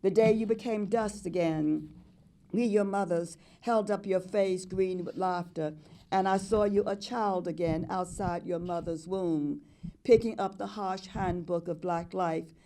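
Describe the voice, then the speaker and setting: A woman's voice: lowish voice, fairly even intonation, measured pace, mellow. An older woman performing spoken-word poetry in a rhythmic, incantatory way, chanting repeated refrains. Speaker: poet.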